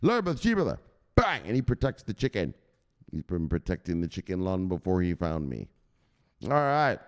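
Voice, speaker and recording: A man hosting a crypto news show as a casual livestream, hyped and profane, shouting out viewers. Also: deep voice, wildly swooping pitch, normal speed. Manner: talks straight to viewers, gives shout-outs. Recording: echoey room with long reverb.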